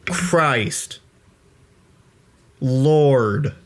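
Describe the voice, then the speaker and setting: A man's voice: medium pitch, expressive, very slow. A man giving casual, rambling commentary on his own let's play through a VR headset mic, self-deprecating and swearing freely.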